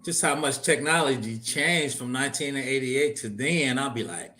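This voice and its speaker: Lively bright-voiced man chatting. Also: mid-range voice, moderate pace. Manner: animated storyteller who laughs often and says "facts". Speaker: podcast co-host. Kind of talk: casual chat.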